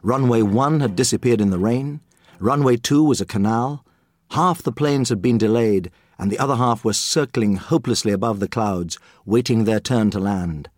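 A man reading a children's story aloud as an audiobook narrator, with lively, expressive storytelling. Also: on the low side, normal speed, no echo.

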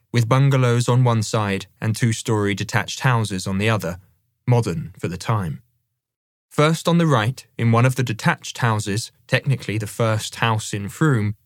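A man narrating a memoir audiobook in a measured, conversational first-person reading. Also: lowish voice, dry recording, studio quality.

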